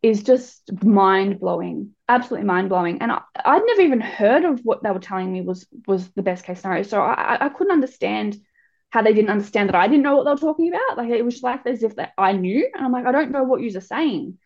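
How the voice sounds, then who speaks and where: Gravelly-voiced woman telling her story. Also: medium pitch, lively intonation, fast talker, a little mellow. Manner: candid and frank, with frequent restarts. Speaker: guest speaker. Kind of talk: personal story in an interview. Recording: dull lo-fi recording.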